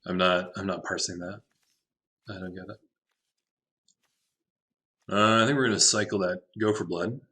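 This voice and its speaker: Brief: man in casual gameplay commentary, low voice with a bright, forceful edge, wry asides to himself. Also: unhurried, long pauses. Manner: talks to himself, wry, laughs at his own jokes. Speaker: game streamer.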